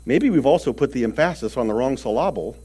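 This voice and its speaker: A male preacher delivers a sermon in an earnest, emphatic way. His voice sits at an ordinary middle pitch. He swings between loud stressed phrases and quiet ones, and sometimes repeats a word as he goes. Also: lively intonation, quick pace, husky.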